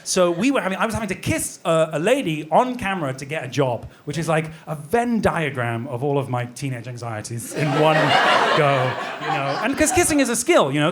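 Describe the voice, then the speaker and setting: Stand-up, man around 30, higher voice, self-mocking rambler, live pub set with audience laughter clearly heard. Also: sing-song, a little fast, heavy background noise. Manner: self-deprecating, rambling asides, laughs at his own lines. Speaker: stand-up comedian. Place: small pub comedy room, live audience.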